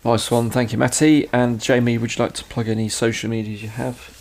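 A man's voice: medium pitch, flat delivery, fairly quick. A young man hosting a car podcast, casual and hesitant, with plenty of ums. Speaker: podcast host. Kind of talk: casual chat.

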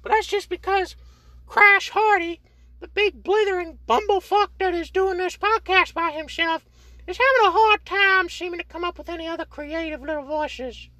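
A man putting on a high, strained voice for a crude, rambling oddball man in a solo comedy podcast bit. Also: moderate pace, bright, forceful tone, dry recording. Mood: goofy. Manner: high strained put-on voice, babbling crude nonsense.

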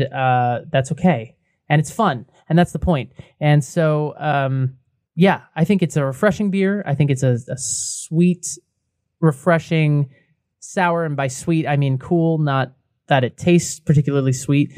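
A man's voice: on the high side, a little mellow, no echo, studio quality. A young man co-hosting a casual beer podcast, chatty and laughing often. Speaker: podcast co-host. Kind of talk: casual beer review chat.

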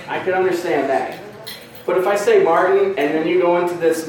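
A man's voice: high voice, steady tone, normal speed. A man doing a crude, rambling, self-mocking stand-up comedy set on a club stage. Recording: echoey live club recording from a distance.

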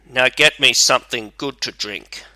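A man's voice: medium pitch, moderate pace, sharp tone, no echo, poor audio. A man voicing a bold, hungry soldier with a hearty, plainspoken manner in a storybook reading. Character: hungry bold male soldier, fearless and blunt.

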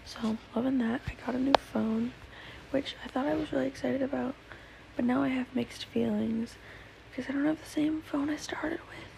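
A woman's voice: sits high, steady tone, fairly quick, gravelly, background noise. A teenage girl hosting a solo podcast, rambling with lots of fillers and often dropping to a whisper, a little tearful. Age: teens. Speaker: podcast host.

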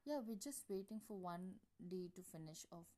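A woman's voice: lowish voice, animated, normal speed, dark tone, natural voice. A woman reading the lines of a playful, boastful young male guitarist who banters.

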